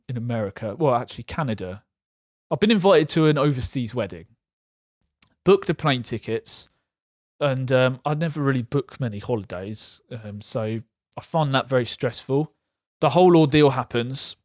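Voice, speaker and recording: A man's voice: medium pitch, dry recording. Frank man, dry close sound. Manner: frank and self-deprecating, laughs at hard moments. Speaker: vlogger sharing his illness story. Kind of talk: candid personal storytelling.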